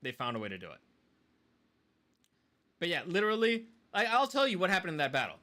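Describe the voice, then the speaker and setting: Guy cohosting a podcast, high bright voice, rants hard and swears a ton. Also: a little fast. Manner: animated ranting, swears a lot. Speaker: podcast co-host. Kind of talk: casual chat.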